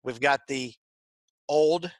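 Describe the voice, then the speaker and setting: A man's voice: fairly high pitch, takes it slowly, no echo. A man co-hosting a casual tech chat show, rambling and repeating his words. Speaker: podcast co-host. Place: tech shop.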